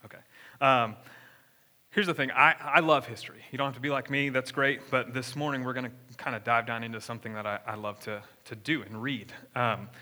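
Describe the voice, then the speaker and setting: A man's voice: medium pitch, sharp tone. A young man preaching a sermon in a church, talking conversationally and asking the congregation questions. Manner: conversational, engages the room with questions. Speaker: pastor. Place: church sanctuary.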